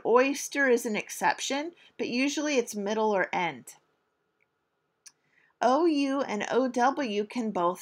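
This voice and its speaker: A middle-aged woman teacher giving a recorded spelling lesson, speaking deliberately and stretching out sounds to demonstrate them. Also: medium pitch.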